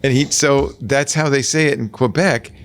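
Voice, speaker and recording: A man's voice: medium pitch, fairly even intonation, normal speed, a little hiss or hum. A man hosting a tech podcast, jokey and upbeat in casual chat. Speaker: podcast host.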